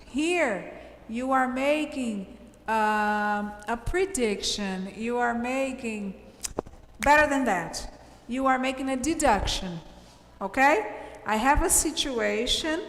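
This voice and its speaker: A woman teaches an English grammar lesson, speaking slowly and stressing her points. Her voice sits high, and the recording sounds roomy with a long echo and faint ambience behind her. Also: fairly bright tone, slight background noise. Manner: emphatic, explains slowly with checks of "okay?". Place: classroom.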